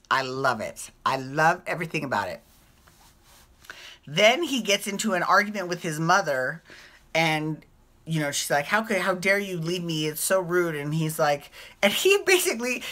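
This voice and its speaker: A woman hosting a soap opera recap vlog, talking in a casual, animated and profane way as she gushes and rants. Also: sits low.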